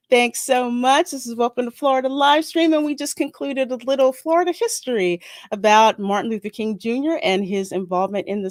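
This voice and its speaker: A woman's voice: fairly high pitch, no room sound, studio quality. A woman hosting a casual livestream, chatting and reading out viewer comments. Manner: chatty, reads out viewer comments, bursts of laughter. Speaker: livestream host.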